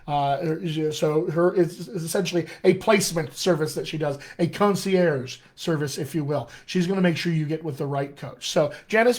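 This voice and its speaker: Man, General American accent with a slight Colorado tinge, fairly high voice, enthusiastic dialect coach, encouraging, chatty with fillers, live-stream Q&A. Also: a little mellow. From Colorado, USA. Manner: enthusiastic and encouraging, addresses listeners as friends; chatty with frequent fillers and restarts.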